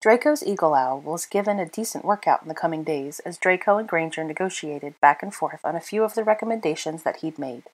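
A woman's voice: deep voice, expressive, brisk, hardly any pauses. A woman reading fan fiction aloud in an unedited home recording, narrating and speaking the dialogue with small shifts for each character. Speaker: audiobook reader.

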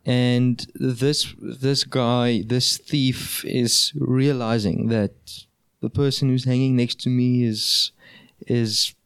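A man talking in a casual Bible discussion, telling a story in a relaxed way with small hesitations. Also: medium pitch, slow pace, smooth, no room sound, studio quality.

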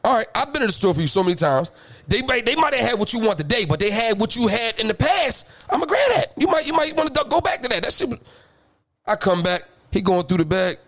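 A man telling stories in a casual chat, animated, with loud high bursts and low mutters, laughing often. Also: quick pace. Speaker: podcast co-host.

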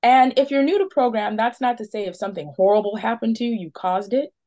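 A woman's voice: a little high, fast, dark tone. A woman in her thirties giving candid, self-mocking testimony at a recovery meeting, often laughing at herself. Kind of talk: personal testimony.

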